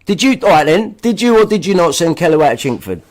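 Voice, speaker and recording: A man's voice: a little high, sing-song, fast. A middle-aged man ranting at people in a confrontational, swearing monologue, repeating himself. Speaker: video blogger.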